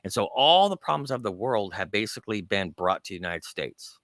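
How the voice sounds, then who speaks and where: Low-pitched male lecturer with a dry, close sound, driving his points home with repetition. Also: very animated, a little fast, fairly bright tone, no room sound. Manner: emphatic, repetitive, builds through long lists. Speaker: preacher. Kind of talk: prophecy lecture.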